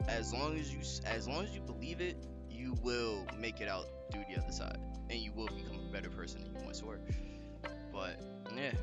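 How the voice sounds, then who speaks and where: A man co-hosting a podcast in casual chat, easily excited and quick to laugh. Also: lowish voice. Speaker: podcast co-host.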